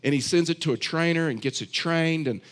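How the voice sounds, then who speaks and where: A man's voice: a little high, brisk, fairly bright tone. A man preaching a sermon, earnest and repetitive, telling stories with frequent restarts. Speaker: pastor.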